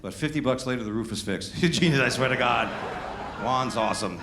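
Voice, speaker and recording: A brash middle-aged comedian, talking loose and conversational on a handheld mic. His voice rings around a roomy club, with ambient noise steady behind him. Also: mid-range voice, a little fast. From Queens, New York. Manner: brash, conversational, teasing the crowd. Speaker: stand-up comedian. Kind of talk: stand-up comedy.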